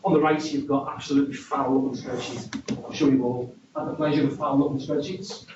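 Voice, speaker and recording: A man's voice: mid-range voice, steady tone, a little fast, background noise. A man giving a conference presentation in a wry, conversational, self-deprecating way. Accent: regional accent. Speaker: conference speaker. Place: conference hall. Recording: distant, dull, echoey hall recording.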